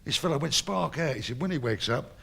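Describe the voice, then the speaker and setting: A man's voice: on the high side, expressive, fairly quick, creaky, pushed and bright, husky. A Cockney man doing crude, boisterous stand-up, laughing at his own jokes. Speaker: stand-up comedian. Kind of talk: bawdy stand-up joke telling.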